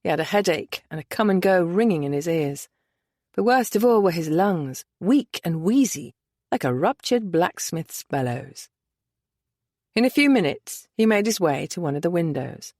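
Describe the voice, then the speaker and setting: A woman reading a romance novel aloud, her voice moving expressively up and down. She keeps a measured pace, and the recording is dry and close. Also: fairly low pitch, lively intonation, a little mellow, dry recording. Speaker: audiobook narrator. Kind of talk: scripted romance narration.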